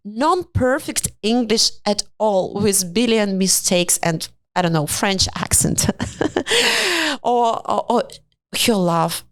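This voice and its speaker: A woman hosting a podcast who talks in a casual, expressive way, acting out little quoted dialogues in non-native English with small grammar slips. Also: mid-range voice, slow pace, no room sound. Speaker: podcast host and astrologer-matchmaker. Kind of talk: casual monologue. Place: studio.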